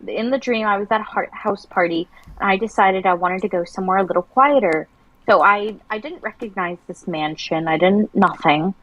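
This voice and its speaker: A woman's voice: mid-range voice, normal speed, fairly bright tone, lo-fi sound. A woman on a livestream, chatting casually and telling a long dream story with many restarts. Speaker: livestream co-host.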